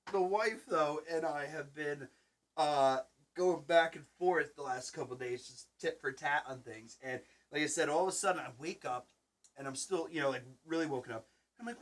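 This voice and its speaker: Speaking at normal speed with lively intonation, this man in his thirties has a voice on the high side. He hosts a casual podcast chat as a podcast host and Twitch streamer, rambling through stories and loudly acting out quotes.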